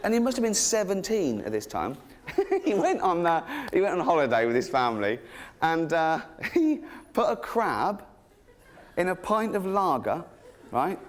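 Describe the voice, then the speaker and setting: A man's voice: high-pitched, sing-song, normal speed. A middle-aged man doing stand-up, telling anecdotes and acting out the other people's voices, often breaking into laughter at his own punchlines. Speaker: stand-up comedian. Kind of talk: stand-up storytelling.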